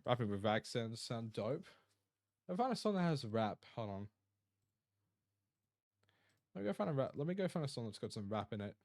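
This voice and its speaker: A man's voice: medium pitch, very animated, normal speed, long pauses, a little mellow, dry recording, clean studio sound. A young man streaming live, chatting loosely to his viewers with casual swearing. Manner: loose, profane, chatty asides to chat.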